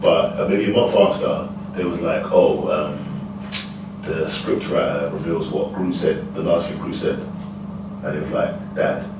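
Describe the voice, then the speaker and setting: A man co-hosting a podcast, chatting in an excitable, slangy way with lots of fillers. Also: very deep voice, a little slow. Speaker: podcast co-host. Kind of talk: casual chat. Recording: roomy, distant mic with background noise.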